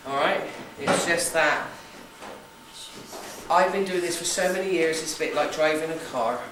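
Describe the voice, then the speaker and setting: A woman's voice: low voice, normal speed, noisy background. A woman with a West Country accent hosting a ghost hunt as a psychic, briefing a group in a chatty, jokey way and checking in with "okay?". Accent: West Country English. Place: large echoey room in an old building. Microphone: camera from a distance. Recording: echoey room recorded from far off.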